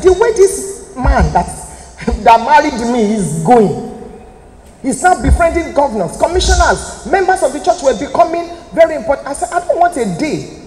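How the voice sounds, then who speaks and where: Lively Nigerian woman in echoey hall. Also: high voice. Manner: emphatic, preacherly, direct appeals to listeners. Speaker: motivational speaker. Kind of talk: motivational talk to an audience. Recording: echoey hall, faint room noise.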